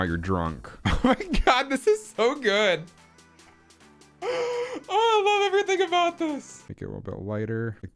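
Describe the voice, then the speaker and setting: Goofy man narrating his drawing. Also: fairly low pitch. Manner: goofy and playful, silly sound words and mock grandeur; talks in a put-on accent throughout. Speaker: digital artist streaming his drawing. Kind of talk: casual live-stream commentary while drawing.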